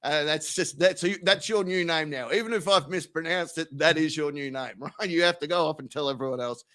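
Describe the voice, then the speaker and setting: This Australian man hosts a live stream, reading comments and chatting casually with his viewers. His voice sits on the high side and moves fairly quickly with a sharp edge. He's profane, quick to laugh, and keeps joking with chat.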